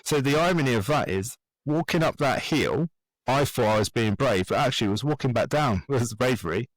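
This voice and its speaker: A man's voice: medium pitch, brisk, no room sound, poor audio. A middle-aged man, a guest telling his story in a podcast interview and acting out what people said. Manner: animated storyteller who acts out quoted voices. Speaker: guest, transformation coach.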